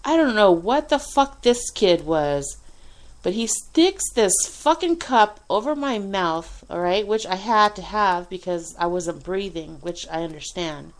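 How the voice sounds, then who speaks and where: A woman telling a personal hospital story in a casual, animated way, swearing often and laughing between lines. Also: medium pitch, measured pace. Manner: animated, profane, frequent laughs and fillers. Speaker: radio show host telling a personal story.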